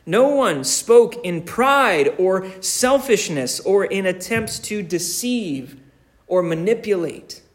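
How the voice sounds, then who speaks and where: A male pastor delivers his sermon at an unhurried, measured pace. His voice sits a little higher than most men's, and he leans hard on repeated phrases for emphasis. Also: expressive. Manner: preaching with slow, deliberate emphasis and repeated phrases.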